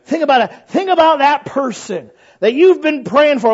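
A male pastor preaching a sermon, animated and folksy, asking rhetorical questions and joking at his own expense. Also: very high-pitched, moderate pace, dull audio. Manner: animated, frequent rhetorical questions and self-deprecating humor.

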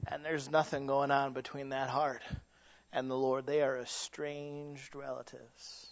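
A man's voice: little pitch movement, unhurried. Preaching man on a dull lo-fi recording. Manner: swings from hushed low lines to loud rising peaks; acts out quoted voices in storytelling. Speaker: pastor. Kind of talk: sermon.

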